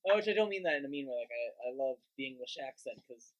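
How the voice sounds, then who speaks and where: A man's voice: mid-range voice, expressive, fast, poor audio. A young man co-hosting a casual podcast chat, rambling and swearing often. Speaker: podcast co-host.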